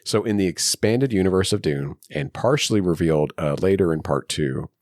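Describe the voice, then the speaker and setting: Low-voiced guy on a movie podcast, dry close mic, reads trivia and chuckles a lot. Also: normal speed, darkish tone, no room sound. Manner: laughs often, reads trivia notes aloud. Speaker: podcast co-host. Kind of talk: casual film podcast chat.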